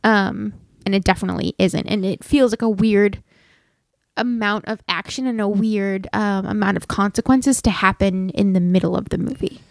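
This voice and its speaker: A woman's voice: medium pitch, moderate pace, creaky, dry recording, clean studio sound. A woman co-hosting a movie podcast, sharing her opinion thoughtfully with many "um"s and "like"s. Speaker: podcast co-host. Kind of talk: casual movie discussion.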